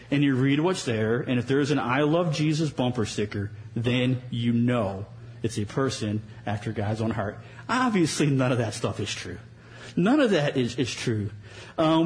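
A man's voice: mid-range voice, poor audio. A man preaching a Sunday sermon, earnest and conversational, with dry sarcasm and small restarts. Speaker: pastor.

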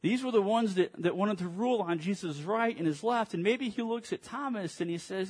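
A man's voice: high voice, brisk, hardly any pauses, husky. A male pastor preaching a morning sermon, retelling scripture in a storytelling way with touches of dry sarcasm.

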